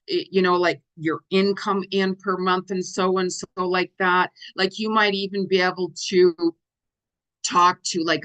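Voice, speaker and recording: A woman's voice: fairly low pitch, fairly bright tone, rough recording. Chatty woman psychic on a livestream. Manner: chatty, rambling, many fillers like "like" and "you know"; acts out her own exclamations in a raised voice. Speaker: psychic reader hosting a live stream. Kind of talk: casual livestream talk.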